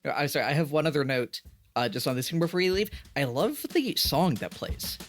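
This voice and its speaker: A man's voice: on the high side, lively intonation, a little fast, slight background noise. A man co-hosting a podcast, chatting casually in a rambling way full of fillers. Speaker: podcast co-host.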